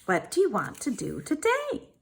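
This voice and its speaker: A woman voicing a cheerful, caring young pig in a children's storybook read-aloud, with a gentle sing-song manner. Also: sits high, huge pitch swings, normal speed, gravelly, full character voice.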